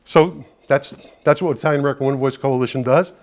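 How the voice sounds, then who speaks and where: A man's voice: mid-range voice, fairly even intonation, quick pace. A man leading an advocacy group, giving a conversational, persuasive talk to an audience and often dropping in asides. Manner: earnest, persuasive, with frequent "you know" asides.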